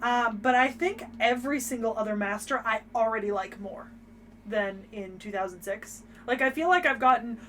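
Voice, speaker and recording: Lady anime podcaster, kinda high voice, sounds far from the mic w/ faint hiss. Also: normal speed. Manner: animated, swears freely, acts out quotes. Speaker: podcast co-host. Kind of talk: casual anime discussion. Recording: distant mic with faint noise.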